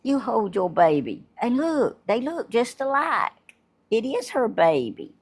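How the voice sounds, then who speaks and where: An older woman, hosting a casual livestream and chatting warmly and effusively with her viewers, laughing often. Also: fairly high pitch, sing-song, measured pace, slightly rough. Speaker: livestream host. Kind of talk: casual live chat unboxing gifts.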